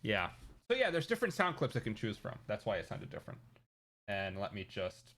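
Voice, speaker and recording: A man's voice: lowish voice, huge pitch swings, fairly quick, a bit bright. A man streaming a video game, chatting casually and cracking jokes about what happens on screen. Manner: joking, chatty, self-deprecating. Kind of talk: casual gameplay commentary. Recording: game music playing clearly behind. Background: game music.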